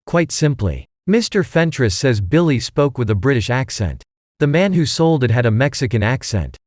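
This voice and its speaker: A man's voice: medium pitch, big pitch swings, normal speed, a little mellow, no room sound, clean studio sound, close to an everyday voice. A man reading an audiobook, voicing a clever teenage boy detective who speaks in precise, formal phrases. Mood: probing.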